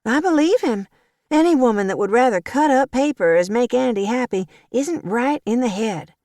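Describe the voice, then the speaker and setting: A woman voicing a clingy, whiny young woman of twenty-five who pleads and wails in a high, tearful voice. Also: expressive, moderate pace, mellow, no room sound, natural voice. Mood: smug.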